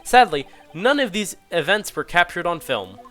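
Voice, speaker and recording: A man's voice: high-pitched, sing-song, moderate pace, fairly bright tone, faint music behind, pitched above the performer's own voice. A man reading as an earnest young defense lawyer. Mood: measured.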